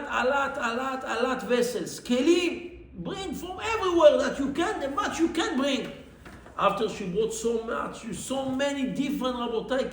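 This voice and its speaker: A man's voice: roomy sound, slight background noise, poor audio. A man, a rabbi, telling a Torah story in non-native English mixed with Hebrew terms and crying out the characters' pleas. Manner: animated, cries out the widow's pleas in a high voice.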